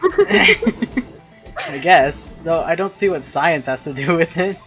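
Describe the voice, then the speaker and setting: A man's voice: fairly high pitch, huge pitch swings, slow, fairly bright tone, soft background music. Giggly young streamer guy. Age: 20s. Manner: giggly, jokey, reading game lines aloud. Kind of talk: casual let's-play chat.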